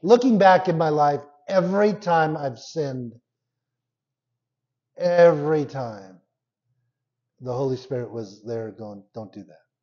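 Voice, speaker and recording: A man preaching a sermon at an unhurried, deliberate pace, his fairly high voice swinging between hushed, intense passages and loud, emphatic bursts. The recording sounds slightly dull and lo-fi. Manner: expressive preaching, drops to soft intense lows and rises to loud emphatic peaks. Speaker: pastor.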